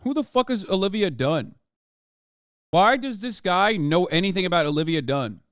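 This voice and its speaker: A man's voice: high voice, expressive, normal speed, a bit bright, clean tone, dry recording, studio quality. A man streaming his reaction to a video in a sarcastic, profane, mocking way. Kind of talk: casual reaction commentary.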